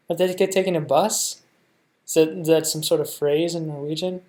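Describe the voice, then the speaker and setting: A young American man reacting to a show, thinking out loud in a rambling way, full of fillers and restarts. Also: a little high, steady tone, normal speed. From United States. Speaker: reaction video host. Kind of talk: casual reaction commentary.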